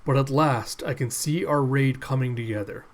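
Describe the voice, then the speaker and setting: A man's voice: mid-range voice, normal speed, lightly acted. A man voicing an earnest male samurai leader in a resolute tone.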